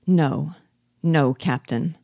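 A woman's voice: low voice, drawn-out words, creaky, mellow, no echo, studio quality, heavily acted. A woman voicing a loyal, sentimental old male army sergeant who speaks humbly and rambles. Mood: earnest, humble.

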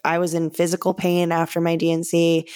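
Woman podcast co-host, somewhat low-pitched, open personal storyteller. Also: completely flat delivery, fairly quick, darkish tone, clean tone. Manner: open storytelling, with many fillers. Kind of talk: casual chat.

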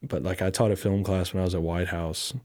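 A man's voice: sits low, little pitch movement, a little fast, darkish tone. A man guest on a podcast, telling rambling, easygoing stories in casual chat with many fillers.

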